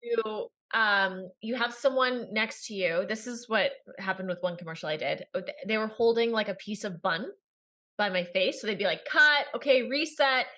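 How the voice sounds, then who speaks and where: A woman guest in a casual interview chat, telling stories in an animated way and acting out the voices of the people in them. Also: mid-range voice, moderate pace. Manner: animated storyteller, acts out quoted voices with laughter. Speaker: actress guest.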